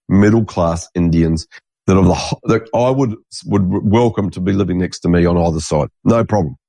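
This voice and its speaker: A man's voice: fairly low pitch, a little mellow, no echo. An Australian man in an angry, rambling, conspiratorial monologue, swearing freely. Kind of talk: ranting monologue.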